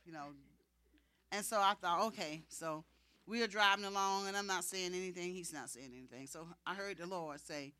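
A woman preacher telling a personal testimony in a sermon, animated and acting out the dialogue. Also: lowish voice, fairly quick.

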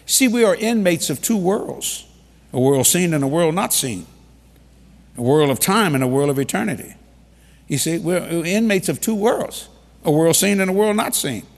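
A man preaching a humorous storytelling sermon in a large hall, animated and repeating key lines for emphasis. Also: fairly high pitch. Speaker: preacher leading a ministry. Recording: long reverb of a large hall.

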